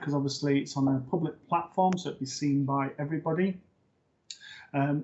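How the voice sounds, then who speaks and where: A man hosting a live online psychic reading show, talking in a relaxed way with many fillers. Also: on the high side. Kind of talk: live-stream host talk. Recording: dull lo-fi stream audio.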